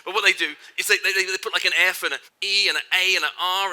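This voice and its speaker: High, bright-voiced man giving a keynote. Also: lively intonation, fast, hardly any pauses. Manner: emphatic, repeats phrases for effect, asks the audience questions. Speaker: keynote speaker. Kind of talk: motivational keynote speech. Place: large hall before a live audience.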